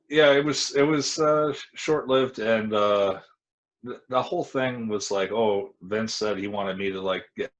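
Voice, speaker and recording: This casual interview guest, a man in his thirties and a former wrestler, has a lowish voice that sounds pushed and bright. He rambles frankly through his career story, starting over repeatedly, and the recording is rough.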